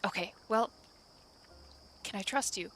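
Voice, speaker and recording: A woman's voice: medium pitch, measured pace, a bit bright, slight background noise. A woman playing a tabletop role-playing game, playful and sometimes dropping into a sneaky whisper. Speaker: player.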